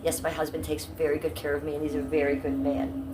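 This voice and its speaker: A middle-aged woman from Cleveland, Ohio, USA, chats casually on a live stream, reading out and answering her chat in a blunt, profane way. Her voice is low and flat, she talks fast, and there's background noise.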